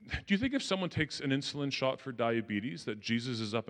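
Male speaker, mid-range voice, lively self-mocking storyteller, long reverb of a big hall. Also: medium pitch, quick pace. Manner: animated, self-deprecating, quotes people with shifting voices. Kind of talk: storytelling talk to an audience.

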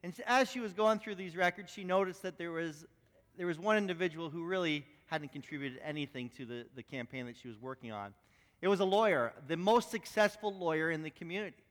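A man preaching a sermon as a pastor, telling a story in a relaxed way and often repeating words as he goes. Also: a little high, a little fast, in a large hall. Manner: storytelling, repeats words as he talks, self-deprecating. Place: church.

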